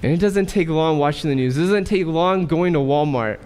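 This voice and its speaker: A male pastor preaching a sermon in a church, asking rhetorical questions and pausing for effect. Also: on the high side, darkish tone, smooth. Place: church sanctuary. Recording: church hall reverb.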